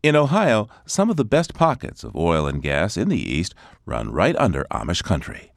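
A man hosting a radio show, reading a scripted introduction with lively, sweeping intonation. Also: deep voice, normal speed, creaky, no echo, clean studio sound.

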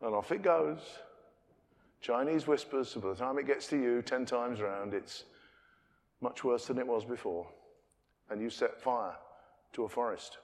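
British preacher in a reverberant church. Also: male voice, mid-range voice, unhurried, pauses often. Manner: conversational, swings between loud emphasis and quiet asides. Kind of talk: sermon. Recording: long reverb of a church hall.

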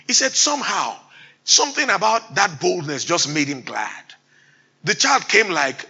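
Preacher, male, bright tense tone, builds to forceful emphatic sermon delivery. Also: fairly high pitch, big pitch swings, moderate pace, gravelly, husky, low-quality recording. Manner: rising to loud emphatic exhortation, mimics timid believers.

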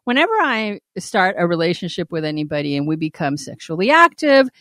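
Brief: woman, podcast co-host, candid storyteller, very lively pitch, dry close sound. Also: brisk, dry recording. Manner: animated storyteller, swoops up when quoting; laughs often. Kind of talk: candid casual chat.

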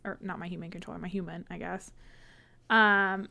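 A woman's voice: mid-range voice, steady tone, moderate pace, vocal fry, a bit bright. A woman co-hosting a podcast in casual chat, recapping a book with frequent laughs and acted-out quotes. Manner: chatty, laughing often, acts out characters' lines in retelling.

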